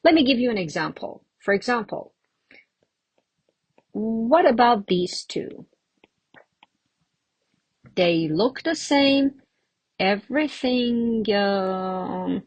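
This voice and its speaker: Woman pronunciation teacher, unhurried and a little husky, casual lesson style, close dry sound. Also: medium pitch, big pitch swings, no room sound. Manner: slow, drawn-out demonstration of words, with light laughs.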